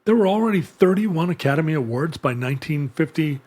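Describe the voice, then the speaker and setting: A man's voice: on the high side, lively intonation, brisk, a little mellow. A man co-hosting a podcast, chatting casually and cracking playful jokes. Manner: jokey, playful asides. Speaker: podcast co-host. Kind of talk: casual chat.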